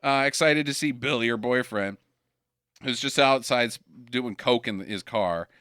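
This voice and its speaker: Bright, clear-voiced man, joking. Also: medium pitch, moderate pace, no room sound, studio quality. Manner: joking, laughs often, acts out characters' lines. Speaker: podcast co-host. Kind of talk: casual comedic movie review chat.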